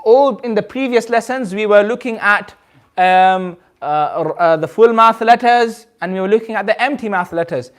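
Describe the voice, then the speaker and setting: A man with a fairly high voice and a British accent leads a recitation lesson. He speaks patiently, repeats each sound several times and keeps asking whether his class has understood. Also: moderate pace. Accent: British English. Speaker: Quran recitation teacher.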